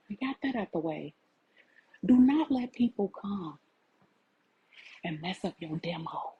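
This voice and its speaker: A woman's voice: fairly low pitch, dark tone, slight background noise, low-quality recording. A woman, giving an impassioned, tearful talk to her livestream viewers. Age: 40s. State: crying. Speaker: vlogger.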